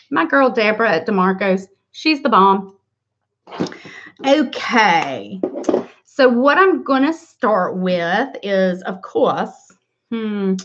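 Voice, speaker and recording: In slightly dull lo-fi audio, an upbeat middle-aged woman runs a chatty livestream makeup tutorial, calling out viewers by name as she goes. Her mid-range voice has a fairly bright tone.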